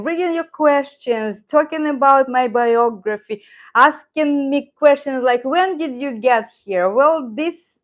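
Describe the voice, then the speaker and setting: A middle-aged native Russian speaker with a Russian accent, who hosts a channel and teaches Russian, chats casually on a live stream. Her voice is fairly high, and she rambles, reads viewer comments and laughs often.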